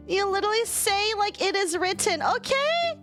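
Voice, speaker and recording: A very high, bouncy woman's voice that swoops up and down as she chats on a live stream. She laughs a lot, swears casually and talks at an unhurried pace. Faint game music plays behind her. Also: fairly bright tone. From United States. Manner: giggly, swears freely, laughs often.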